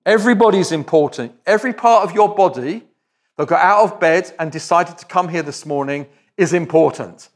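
Lively, fairly high-voiced male preacher. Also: normal speed. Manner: direct, conversational, joking asides. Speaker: visiting preacher. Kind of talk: sermon.

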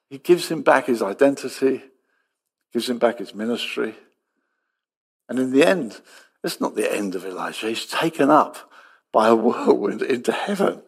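A man preaching a sermon, acting out dialogue with lively storytelling and dropping to soft, quiet tones. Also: medium pitch, moderate pace, gravelly, long pauses, breathy edge.

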